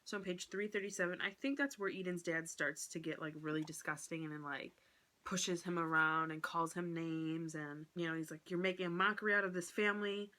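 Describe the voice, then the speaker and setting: A woman giving a casual vlog book review, retelling the plot in an animated way and acting out quotes with lots of "like". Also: low voice, moderate pace.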